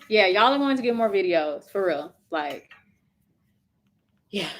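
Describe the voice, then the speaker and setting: Her medium-pitched, fairly bright voice has lively intonation, an unhurried pace, and long pauses. As a home livestream host, she reads viewers' comments and responds sympathetically in a casual, filler-laden way.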